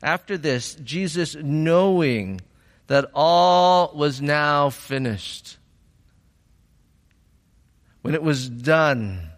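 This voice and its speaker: A male pastor delivers a sermon at an unhurried pace, pausing between phrases. He is reflective, then builds to fervent emphasis. His voice carries a long reverb, as if in a large hall. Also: a little high, expressive.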